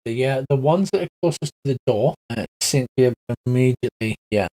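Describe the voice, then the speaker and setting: A man's voice: medium pitch, animated, fast, warm tone. A man narrating as game master, chatty and laughing, acting out creatures and crowds as he goes.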